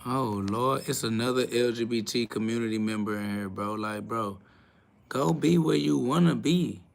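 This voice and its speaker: A man hosting a livestream, ranting at his chat in a blunt, confrontational and profane way, swinging between loud outbursts and low mutters. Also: normal speed, creaky, slight background noise. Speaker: livestream host. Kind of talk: casual livestream rant to chat.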